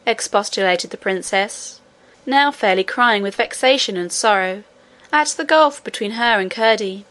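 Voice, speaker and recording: A woman reading a children's story aloud in a measured, storytelling manner. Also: mid-range voice, fairly bright tone. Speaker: reader. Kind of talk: audiobook narration.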